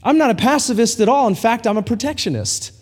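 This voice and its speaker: A male pastor preaching a sermon to a congregation, telling a story with lively acted-out dialogue. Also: extremely high pitch, fast, husky. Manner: animated storytelling preacher, acts out quoted dialogue. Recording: long hall reverb.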